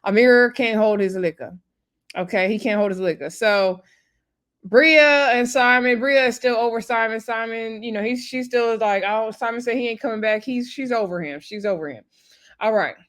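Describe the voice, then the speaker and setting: A woman giving a casual, gossipy recap of a reality show, animated and quick to laugh. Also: fairly high pitch.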